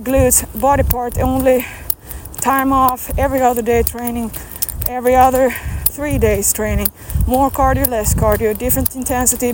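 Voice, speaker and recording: High-voiced woman giving a fitness pep talk. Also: background noise. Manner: rambling, emphatic, asks many questions. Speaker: fitness coach. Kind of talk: motivational vlog talk.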